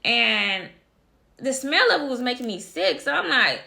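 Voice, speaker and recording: Gravelly, bright-voiced woman telling a story. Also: a little high, sing-song, moderate pace. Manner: chatty, addresses viewers directly as y'all. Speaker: vlogger. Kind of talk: casual storytime.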